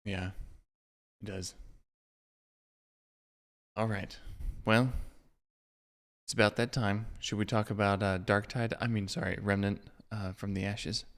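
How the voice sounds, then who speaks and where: A man with a low, gravelly voice hosts a gaming podcast. He talks in a laid-back, casual way and laughs often. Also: little pitch movement, measured pace, pauses often. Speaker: podcast host.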